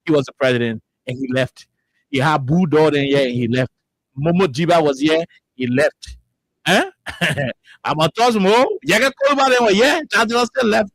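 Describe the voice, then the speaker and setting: A man's voice: fairly high pitch, moderate pace, a bit bright, no room sound, poor audio. A man hosting a call-in radio talk show, pressing points and repeating words for emphasis.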